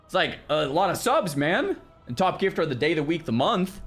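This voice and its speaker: A young man streaming, chatting casually with his viewers in an animated way, with lots of restarts and loud exclamations. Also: fairly high pitch, a little fast, slightly rough, faint music behind. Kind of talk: casual livestream chat with viewers.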